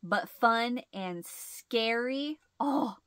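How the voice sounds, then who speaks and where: A woman's voice: on the high side, expressive, drawn-out words, a bit bright, clean tone, no echo. A woman hosting a casual chat, rambling and laughing often, with a stuffed-up nasal sound. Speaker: host.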